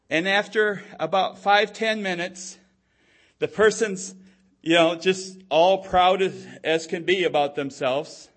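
A man preaching a sermon, telling a story and checking in with his listeners, growing louder at dramatic moments. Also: fairly high pitch. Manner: storytelling, repeats "okay?" to the audience; slow and deliberate, swelling louder at dramatic moments.

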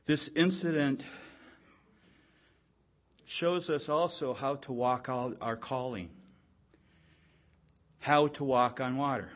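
A man preaching a sermon, telling a story and checking in with his listeners, growing louder at dramatic moments. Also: mid-range voice. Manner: storytelling, repeats "okay?" to the audience; slow and deliberate, swelling louder at dramatic moments.

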